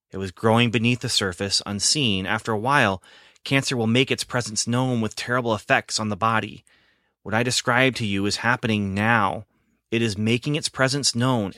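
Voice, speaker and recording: A grave male Sasquatch elder delivers his warnings slowly and deliberately, voiced by a man reading a story. The voice sits low and tense, and the sound is dry and close. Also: pushed and bright, dry recording.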